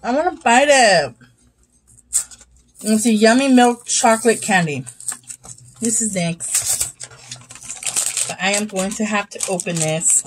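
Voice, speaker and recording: A woman's voice: medium pitch, slow, long pauses, a little hiss or hum, rough recording. A young woman chatting casually as she tastes and rates snacks, sometimes talking with her mouth full. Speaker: YouTube host. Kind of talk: casual snack review vlog.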